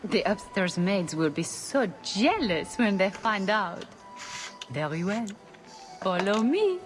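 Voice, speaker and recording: A woman's voice: medium pitch, very animated, takes it slowly, faint music behind. An actress voicing a hesitant, eager-to-please female servant in a video game. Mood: timid. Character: timid young female party servant.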